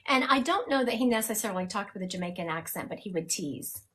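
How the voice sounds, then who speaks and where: A woman's voice: medium pitch, animated, fast, fairly bright tone. A woman hosting a live stream as a psychic medium, chatting casually and laughing at herself.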